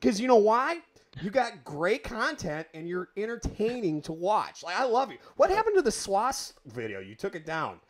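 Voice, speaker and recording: A man's voice: high voice, wildly swooping pitch, moderate pace. A man hosting a live drum chat, rambling eagerly and stumbling over his words like a fan. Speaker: host. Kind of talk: casual chat, live stream.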